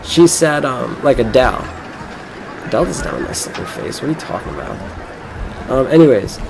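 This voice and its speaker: A man's voice: medium pitch, very animated, moderate pace, vocal fry, pauses often, slight background noise, low-quality recording. A young man from Florida talking casually over a game, rambling and cursing as he tells a boastful story. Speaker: gameplay streamer. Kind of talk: casual rambling gameplay commentary.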